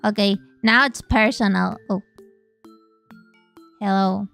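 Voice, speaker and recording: Chatty streamer woman with a smooth voice. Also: medium pitch, steady tone, slow pace, a bit bright, faint music behind. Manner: playful, chatty, swears freely. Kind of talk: casual live-stream chat.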